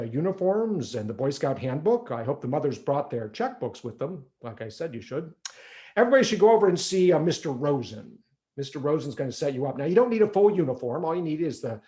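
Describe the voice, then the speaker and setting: A hearty, slightly salesy scoutmaster played by a man welcomes a room full of families. He speechifies in a folksy way, stopping for little "uh" pauses. The voice stays close to the storyteller's own, and the pitch moves freely. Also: darkish tone. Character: hearty middle-aged male scoutmaster, salesy.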